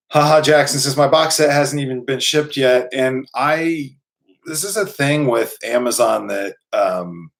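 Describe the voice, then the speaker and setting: Rambling male live-streamer chatting casually. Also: lowish voice. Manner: rambling, many fillers and restarts. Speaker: channel host.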